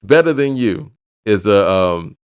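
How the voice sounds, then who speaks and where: A man's voice: on the low side, lively intonation, measured pace, smooth, no echo. A man hosting a hip hop news show, reading an album review aloud and breaking off into casual asides.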